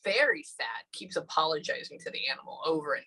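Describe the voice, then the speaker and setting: A woman in her thirties giving a spirit reading, talking haltingly and thinking aloud with many pauses. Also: deep voice, a bit bright, poor audio. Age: 30s. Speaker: psychic medium.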